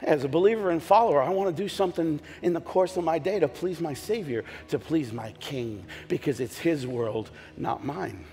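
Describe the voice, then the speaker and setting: A pastor preaching a sermon in a church, telling stories with humor and sudden shouted lines. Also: male voice, fairly high pitch, moderate pace, few pauses. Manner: animated storytelling with jokes and bursts of shouting. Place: church sanctuary. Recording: long hall reverb, faint music behind.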